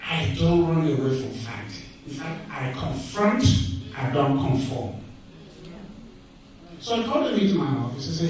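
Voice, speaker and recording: A man's voice: a little high, expressive, normal speed, heavy reverb, far from the mic, rough recording. A middle-aged man from Nigeria with a Nigerian accent gives an emphatic motivational talk full of rhetorical questions and stories. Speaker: speaker.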